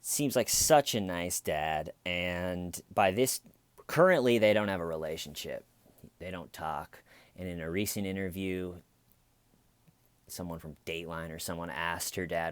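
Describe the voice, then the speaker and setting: Brief: male comedian, low voice, dry sardonic true-crime recap, dead dry sound. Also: lively intonation, a little slow, clear, resonant tone, dry recording. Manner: sardonic, blunt, casual. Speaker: comedian commentator.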